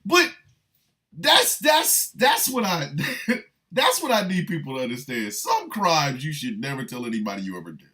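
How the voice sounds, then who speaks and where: An older man hosting a radio show, riffing in an animated, rambling comic monologue full of emphatic repetition. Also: fairly high pitch, normal speed.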